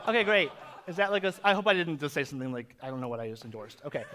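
A man's voice: a little high, expressive, very fast, sharp tone, a little hiss or hum. A man hosting a live drag comedy game show on a theater stage, with campy, rambling, self-mocking banter into a handheld microphone.

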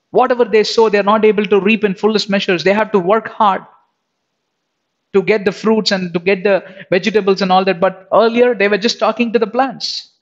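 Man, preacher, sermon, emphatic, high-pitched, questions the audience, muffled lo-fi recording. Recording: dull lo-fi sound.

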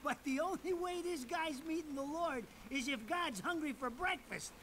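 An actor playing a crude, fast-talking mob wiseguy with an Italian-American New York accent, in a video game cutscene. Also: male voice, very high-pitched, bright, forceful tone, slight background noise. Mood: wisecracking.

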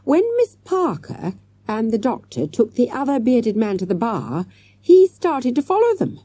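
A woman reading an audiobook, voicing an eager, clever schoolboy sleuth in a quick, excited boyish way. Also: mid-range voice, slightly rough, no room sound, pitched above the performer's own voice, exaggerated voice.

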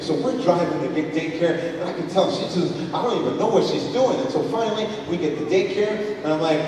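Animated man telling a story in a hall. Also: a little high, a little fast, a little hiss or hum. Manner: animated, swings from loud exasperation to hushed tenderness. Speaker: motivational speaker. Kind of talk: storytelling talk to parents. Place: school auditorium. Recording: echoey hall, voice from far off.

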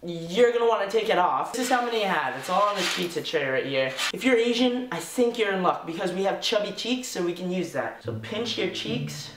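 A man talking straight to viewers in a chatty, excitable way, hosting a casual challenge vlog. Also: high-pitched, brisk, hardly any pauses. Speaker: vlogger. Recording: roomy room with background music.

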